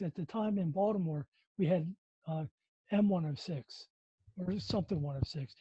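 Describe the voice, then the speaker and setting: Male podcast guest, husky, high voice, dull dry lo-fi sound. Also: unhurried, pauses often, warm tone, no room sound. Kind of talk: casual podcast chat.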